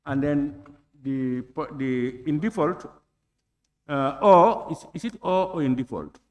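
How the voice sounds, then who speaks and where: A man chairing a parliamentary committee, reading clauses deliberately and putting questions to the vote. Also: a little high. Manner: deliberate, reads clauses slowly and puts questions. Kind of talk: formal procedural chairing. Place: legislative chamber.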